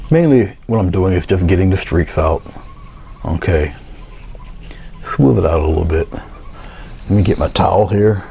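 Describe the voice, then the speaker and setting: Low gravelly man teaching painting. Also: a little hiss or hum. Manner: relaxed, talks to himself while working, thinks aloud. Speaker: painting instructor. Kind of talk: casual painting tutorial.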